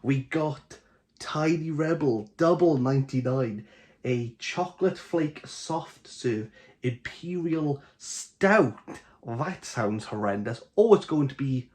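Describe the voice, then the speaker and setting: A young man with a Welsh Valleys accent, chatting casually and jokily to camera as host of a book channel. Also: medium pitch. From Wales. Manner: chatty, jokey, animated.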